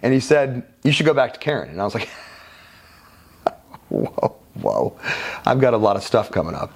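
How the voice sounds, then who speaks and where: A man's voice: medium pitch, sing-song, measured pace, creaky, husky. A man guest in an interview, telling his own life story in a frank, conversational way with casual swearing. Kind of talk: candid personal storytelling.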